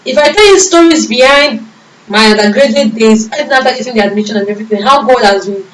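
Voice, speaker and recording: A young Nigerian woman with a fairly high voice tells her story of faith earnestly, acting out what people said. She sits some way from the mic in an echoey room, with faint background hum. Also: quick pace, recorded from a distance. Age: young adult. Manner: earnest, emotional storytelling with reported dialogue. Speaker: vlogger. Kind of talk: personal testimony.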